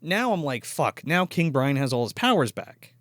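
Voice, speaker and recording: A man's voice: on the high side, sing-song, normal speed, fairly bright tone, dry recording, clean studio sound. A man co-hosting a podcast, chatting casually and profanely about a film and acting out its scenes in put-on voices. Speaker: podcast co-host. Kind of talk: casual movie-review chat.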